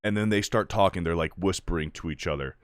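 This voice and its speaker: A man's voice: sits low, fast talker, no room sound, studio quality. A man giving a casual, exasperated review full of swearing, now and then mocking characters in put-on voices.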